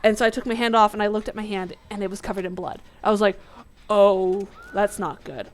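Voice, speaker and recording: A woman hosting a gaming video, telling a personal story in a casual, animated way and acting out her own past lines. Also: medium pitch, very fast. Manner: animated, acts out her past self in quotes. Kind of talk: casual storytelling over gameplay.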